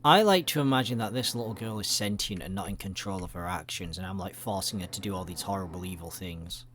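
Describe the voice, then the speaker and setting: A man with a somewhat low voice talks his way through a game in loose, rambling let's-play commentary. He jokes crudely and swears freely. A faint hiss of noise sits under his voice. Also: fast talker, a bit bright. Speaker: gaming video creator.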